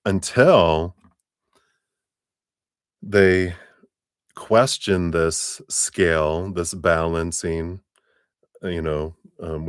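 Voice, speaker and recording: Deep voiced guy doing a live tarot reading, rambly and chatty, dry close sound. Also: no echo. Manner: rambling, laughs often, many fillers. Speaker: tarot reader.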